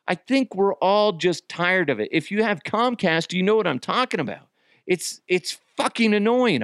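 Male podcast host, solo rant, profane and exasperated, sudden yells, animated pitch, dry close sound. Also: no room sound.

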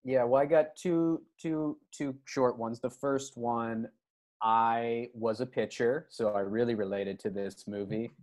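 A man's voice: mid-range voice, a little slow. A man telling a funny story in casual podcast chat, acting out the people in it. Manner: animated, acts out quoted voices.

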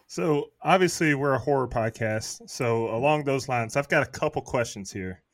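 A man's voice: medium pitch, normal speed, no room sound. A man co-hosting a horror podcast, asking his questions in a friendly, step-by-step way. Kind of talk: casual interview.

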